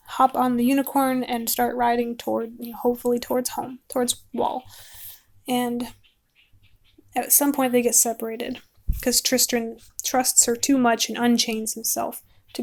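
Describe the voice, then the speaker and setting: A woman with a slightly high voice talks through a book she loves in a loose, rambling way. She is chatty and laughs easily as she goes, like someone painting while she talks. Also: gravelly. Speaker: book vlogger.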